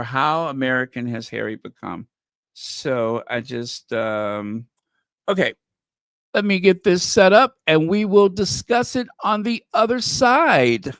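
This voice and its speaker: Male host, casual rambling chat, slow and halting, smooth tone. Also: fairly high pitch, a bit bright, no echo. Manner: rambling, halting, full of fillers. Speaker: channel host reacting to a clip.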